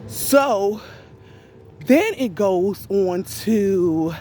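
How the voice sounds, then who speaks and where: A woman retelling an event to viewers in casual speech, deliberate and emphatic, pressing her points with rhetorical questions. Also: mid-range voice, animated, dark tone, a little hiss or hum. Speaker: storyteller recounting an event to viewers.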